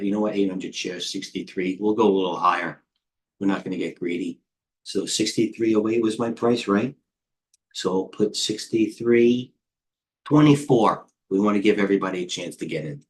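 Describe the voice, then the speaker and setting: A middle-aged man coaching traders, talking in a quick, scattered way and thinking out loud with lots of asides. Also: low voice. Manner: rapid, scattered thinking aloud with many asides. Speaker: trading coach and host. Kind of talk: live market commentary.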